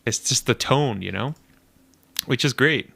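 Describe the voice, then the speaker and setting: A young man casually commenting on a game trailer, animated and nitpicky, laughing often as he talks. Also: mid-range voice, measured pace, vocal fry. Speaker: video reactor.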